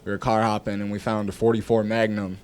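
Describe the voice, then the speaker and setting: A young man, a rapper guest on a podcast, telling a story from his past in a loose, animated way, cursing freely and acting out what people said. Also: fairly low pitch, fast talker, clear, resonant tone. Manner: animated storyteller, curses freely, acts out dialogue. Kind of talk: casual storytelling interview.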